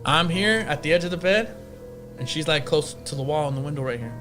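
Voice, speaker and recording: A man's voice: a little high, animated, brisk, over music. A man casually telling a ghost story on a podcast, profane and slangy, acting out the other people's lines. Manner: profane, slangy, acts out quotes in voices.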